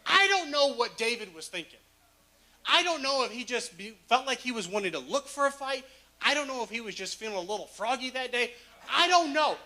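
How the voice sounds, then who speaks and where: Bright, high-voiced casual preacher. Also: male voice, expressive, fairly quick. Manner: casual, humorous storytelling with laughs. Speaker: pastor. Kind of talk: sermon.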